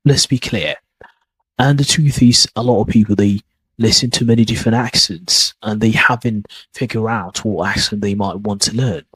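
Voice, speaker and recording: A man's voice: medium pitch, a bit bright, slightly rough, dry recording, low-quality recording. A man hosting a podcast lesson, talking casually and rambling as he repeats his points. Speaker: accent teacher. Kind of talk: casual teaching monologue.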